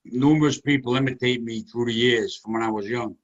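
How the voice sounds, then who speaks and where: A man in his sixties with an Italian-American accent hosts a comedy chat over a video call, his medium-pitched voice moving fairly quickly through lo-fi sound. He reminisces warmly and rambles as he goes.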